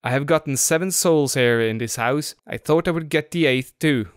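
A man voicing a sinister, gloating house spirit who hides in a dark corner. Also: a little high, moderate pace, clean tone, no room sound, studio quality, lightly acted. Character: menacing male Nisse spirit in a dark corner.

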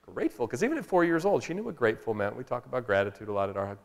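A man's voice: mid-range voice, racing, gravelly, few pauses. Storytelling man speaking in a hall. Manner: storytelling, animated re-enactments. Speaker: motivational speaker. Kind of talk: public talk. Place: public hall. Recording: long reverb of a hall.

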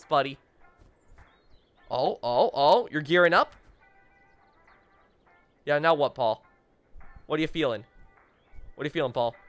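A man's voice: fairly high pitch, unhurried, long pauses, faint music behind. A young man doing playful gameplay commentary as a let's play host, teasing and mock-dramatic, talking straight to the game characters.

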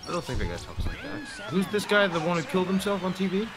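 A man on a casual gaming stream, deadpan and rambling as he banters with his friends. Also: sits high, fast talker. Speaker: stream co-host. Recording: loud music behind the voice.

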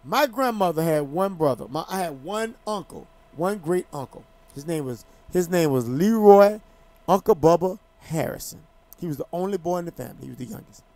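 A man's voice: on the high side, expressive, moderate pace, a little mellow, dry recording. A man hosting a talk show, telling stories in an emphatic, heated way with lots of restarts. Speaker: talk show host and former boxing champion. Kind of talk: casual talk show chat.

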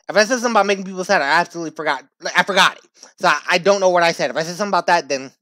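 A man's voice: sits high, rapid-fire, noisy background. Playful man commenting on a game. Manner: playful, laughing, jumpy loud asides. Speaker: gaming streamer. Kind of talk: let's play commentary.

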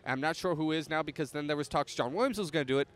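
Podcast guest, male, higher-pitched, animated storyteller in casual chat. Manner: animated storyteller, fast restarts. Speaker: podcast guest, prop maker.

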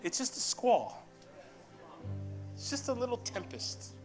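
A man's voice: very high-pitched, sing-song, measured pace. A man preaching as pastor, punchy and playful, calling out to the congregation. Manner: call-and-response, punchy, playful asides. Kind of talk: preaching sermon. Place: church sanctuary. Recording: music behind.

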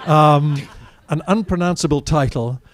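A man's voice: a little high, measured pace, some chatter behind. A man, an actor as guest, telling candid, wry anecdotes in a live audience Q&A at a cinema. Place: cinema stage after a screening.

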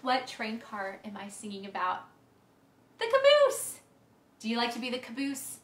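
A young woman, her voice a little high and a bit bright, speaks fairly quickly with fairly even intonation while teaching a children's music and movement class. The livestream from an echoey indoor room has a little hiss or hum, and she stays playful and sing-song with plenty of singing and vocal games.

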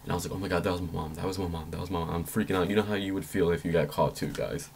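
A young man vlogging a story in a loose, rambling way, swearing freely and jumping up high when he quotes his own panicked thoughts. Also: racing, creaky, a little hiss or hum. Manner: rambling, excitable, swears freely, jumps into high squeaky voice when quoting himself. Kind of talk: casual storytelling vlog.

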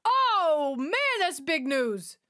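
Casting: high-voiced woman, sassy movie-reaction host with an animated delivery. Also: extremely slow. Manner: chatty, sassy running commentary. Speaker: movie watch-along host. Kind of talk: reacting to a film while watching.

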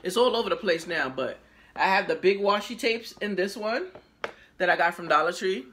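A woman chatting casually to her viewers in a haul video, lively and exclamatory, talking straight to the camera and sometimes while chewing. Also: mid-range voice, normal speed, slight background noise. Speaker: haul vlogger. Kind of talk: casual haul vlog chat.

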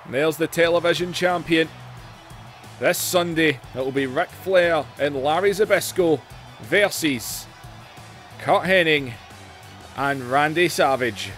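A man gives play-by-play commentary over a wrestling video game, and his voice is going hoarse. His voice sits a bit on the high side, and he shouts out the moves and hits loudly. Game music plays faintly behind him. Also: slow, long pauses. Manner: excitable, shouts and calls out moves, says "man" often.

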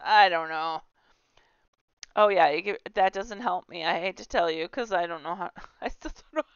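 A woman's voice: on the low side, moderate pace, smooth, no echo, muffled recording. A woman hosting a casual tour of a game house, chatty, giggly and self-deprecating. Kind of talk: casual gameplay tour commentary.

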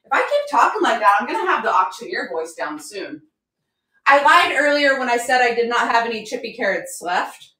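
A woman's voice: on the high side, sing-song, brisk, bright, forceful tone. Chatty woman running a live auction. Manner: chatty, upbeat, jokey. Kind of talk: live selling stream. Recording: roomy echo.

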